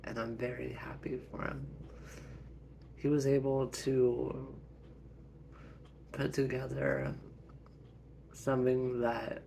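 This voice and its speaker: Man, storyteller, gravelly voice, slow, gentle, faint background noise. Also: medium pitch, level tone. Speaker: storyteller and father. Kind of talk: family role-play storytelling.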